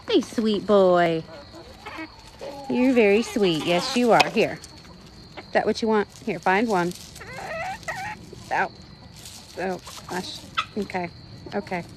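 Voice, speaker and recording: A woman's voice: mid-range voice, slow pace, pauses often. A woman who runs an animal rescue, talking to her pet rooster in cooing, affectionate baby talk. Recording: noisy background with chickens. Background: chickens clucking.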